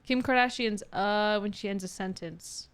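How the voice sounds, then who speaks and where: Playing a game while talking with viewers, this Californian streamer has a Valley Girl accent full of "like," rising inflections and a touch of vocal fry. Her mid-range voice moves at a moderate pace through the casual let's-play banter.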